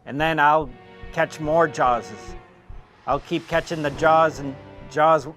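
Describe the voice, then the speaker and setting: A man playing a grizzled old shark hunter, speaking flat and slow with little energy. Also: on the high side, faint music behind. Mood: deadpan.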